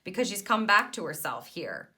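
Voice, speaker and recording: A woman's voice: medium pitch, big pitch swings, moderate pace, bright, forceful tone. A woman reading tarot cards for her viewers in an encouraging, emphatic way, with hesitant fillers between her points. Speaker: tarot card reader.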